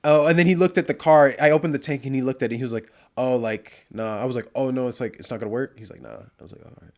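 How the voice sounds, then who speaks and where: A man's voice: mid-range voice, quick pace, a little mellow. Young man, casual podcast co-host, rambling storyteller, swears often. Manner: swearing, laughing, telling a travel story.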